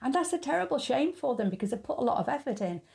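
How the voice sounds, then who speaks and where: A woman's voice: high voice, sing-song, quick pace, vocal fry, mellow. A woman hosting her own channel, talking frankly in a chatty opinion monologue and laughing at her own jokes. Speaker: YouTube channel host.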